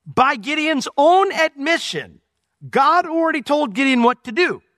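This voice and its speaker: Male pastor, high bright voice, lively verse-by-verse teaching, dry close sound. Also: measured pace, no echo. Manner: animated, swings between loud emphasis and quiet asides.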